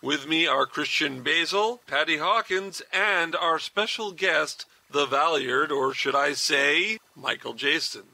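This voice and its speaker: A man hosting a podcast, chatting upbeat with his guest and dropping quick agreeing interjections. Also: fairly high pitch, vocal fry, sharp tone, no echo. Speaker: podcast host. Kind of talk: casual interview chat.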